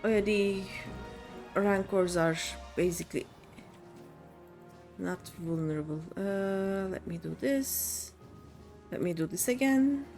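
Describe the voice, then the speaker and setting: A woman's voice: mid-range voice, takes it slowly, pauses often, a little mellow, faint music behind. A woman streamer casually commenting on her game, humming and muttering playfully as she plays. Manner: playful, hums and mutters while playing.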